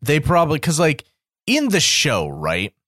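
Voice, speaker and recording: A man co-hosting a podcast, talking casually in an animated, emphatic way and swearing freely. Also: a little high, unhurried, dry recording, studio quality. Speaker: podcast co-host.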